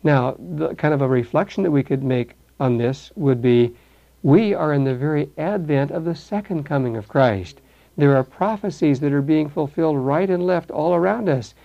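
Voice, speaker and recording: An older man teaching verse by verse through a Bible passage, animated and acting out the voices in the story. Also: a little high, normal speed, vocal fry, muffled recording. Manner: animated, acts out voices, repeats words.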